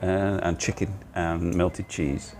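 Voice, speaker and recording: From a cozy cafe, an older man rambles through a casual livestream while eating, filmed on a gimbal-mounted phone. His voice is low-pitched, a little mellow, flat, and slow. Slight background noise is audible.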